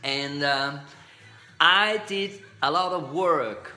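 A middle-aged man from Spain, slightly hoarse, telling stories from his singing career to a camera in a meandering, chuckling way full of fillers. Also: on the high side, extremely slow, pushed and bright, faint music behind. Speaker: singer recalling his recording career. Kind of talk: casual storytelling to camera. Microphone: camera mic.

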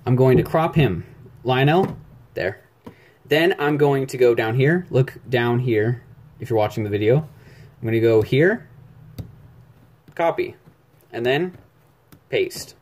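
This casual screen-recorded animation tutorial, captured on a phone, features a young YouTube creator with an average-pitched, slightly mellow voice. He speaks slowly with long pauses. He rambles jitterily as he draws, talking to himself and throwing in self-mocking asides.

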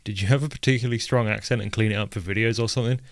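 A man's voice: lowish voice, fairly even intonation, very fast, dry recording, studio quality. A man with a light Northern English accent, chatting casually while live-streaming a colony game and reading chat aloud. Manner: chatty, reads chat aloud, swears at characters.

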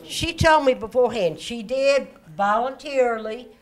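A woman's voice: a little high, moderate pace. Upbeat, teasing woman emceeing a party. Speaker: party host. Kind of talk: casual emcee talk.

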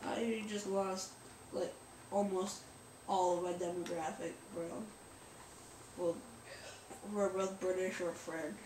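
A woman's voice: on the low side, fairly even intonation, takes it slowly, pauses often, darkish tone. A woman hosting a let's play, rambling and joking at her own expense in casual gameplay commentary. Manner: rambling, jokey and self-mocking. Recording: roomy echo, distant mic, faint noise.

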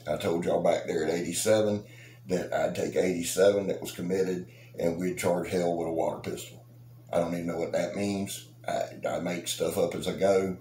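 With a low, dark voice, a middle-aged man chats outdoors with the subscribers of his knife channel in a rambling, joking, boastful manner. There's a roomy echo and faint noise on the recording.

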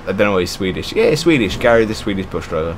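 A man's voice: sits low, sing-song, fast, slight background noise. A young man commentating on a game, sarcastic, swearing and ranting in bursts. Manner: sarcastic, ranting, swears a lot, often laughing. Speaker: gamer.

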